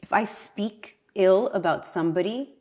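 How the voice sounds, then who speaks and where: A woman with a Spanish accent, a political candidate talking as a guest in casual conversation, animated and laughing often. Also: medium pitch, normal speed. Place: home.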